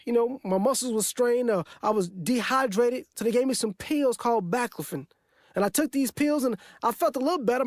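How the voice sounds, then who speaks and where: A man's voice: extremely high pitch, dry recording. Man, 40s, motivational speaker, earnest repetitive testimony, dry close sound. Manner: earnest, repetitive, emphatic retelling. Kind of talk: personal testimony storytelling.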